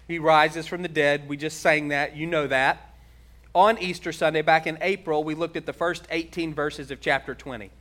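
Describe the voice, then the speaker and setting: This is a middle-aged man delivering a sermon, his voice sitting a little higher than most men's. He preaches in an earnest, conversational way and slows down to lean on the points he wants to land. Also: fairly bright tone. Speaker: pastor.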